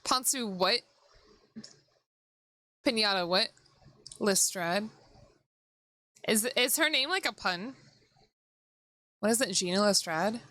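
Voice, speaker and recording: A woman's voice: medium pitch, expressive, takes it slowly, pauses often, sharp tone, no echo, studio quality. A woman streamer giving casual gameplay commentary, blunt and curious, cursing and asking questions. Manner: blunt, curses, laughs a lot, asks wondering questions. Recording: background music playing.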